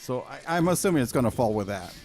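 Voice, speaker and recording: A man's voice: mid-range voice, big pitch swings, quick pace, darkish tone, soft background music. A man co-hosting a podcast, chiming in with jokes and hedged guesses. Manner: chimes in with jokes, talks in hedges. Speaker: co-host. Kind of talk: casual chat.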